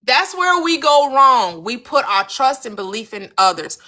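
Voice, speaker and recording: A woman's voice: high voice, big pitch swings, measured pace, bright, forceful tone. A woman hosting a live-stream about manifestation, talking animatedly to her viewers, repeating her questions for emphasis and acting out little quoted scenes. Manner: addresses viewers by name. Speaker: manifestation coach and host. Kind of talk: live-stream teaching chat.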